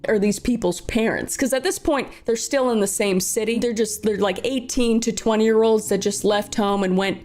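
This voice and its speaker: A woman narrating a true crime case in a casual, conversational way. Her voice sits in a middle pitch, and she keeps breaking off with sarcastic, chatty remarks. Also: moderate pace, hardly any pauses, darkish tone.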